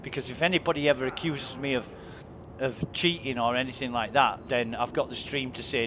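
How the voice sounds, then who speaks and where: A man's voice: mid-range voice, fairly even intonation, fairly quick, noisy background. A man chatting casually and enthusiastically while streaming a game, swearing freely. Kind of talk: casual chat while gaming.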